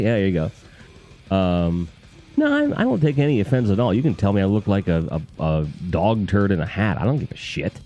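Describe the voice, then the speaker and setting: A man's voice: on the low side, big pitch swings, moderate pace, warm tone. A man from the Northeast US, hosting a casual live stream, reading chat comments in a rambling, profane, jokey way.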